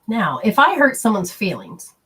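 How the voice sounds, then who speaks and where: A woman's voice: medium pitch, huge pitch swings, normal speed, fairly bright tone, husky. A middle-aged woman hosting a spiritual talk show, speaking in a chatty, rambling way and acting out quoted voices. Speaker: spiritual radio host. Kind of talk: casual spoken talk.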